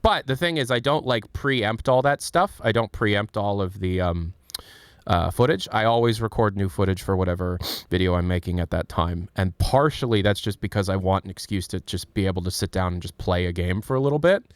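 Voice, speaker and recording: A man's voice: on the low side, brisk, clean tone, no room sound, clean studio sound. A man talking casually on a live stream, rambling with many fillers and restarts.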